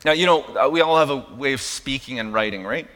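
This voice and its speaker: Bright-voiced pastor preaching in a hall. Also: male voice, medium pitch, a little fast. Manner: conversational, keeps asking "right?". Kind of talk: sermon. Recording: long hall reverb.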